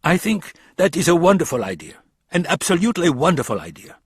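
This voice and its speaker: A man's voice: on the high side, sing-song, fairly quick, slightly rough, no room sound, clean studio sound, pitched above the performer's own voice, full character voice. A man voicing a fussy, proud male Swiss banker, speaking in an indignant, emphatic way.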